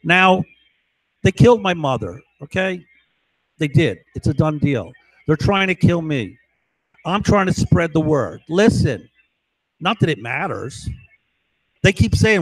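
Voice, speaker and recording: A man's voice: a little high, big pitch swings, unhurried, long pauses, no room sound, low-quality recording. A man talking urgently and emphatically in a rambling monologue to camera, repeating his points. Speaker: vlogger.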